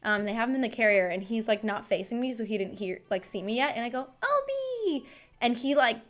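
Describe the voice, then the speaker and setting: A woman's voice: on the high side, quick pace, fairly bright tone. A woman in her thirties chatting casually and fondly on a home livestream, bubbly and talkative. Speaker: streamer.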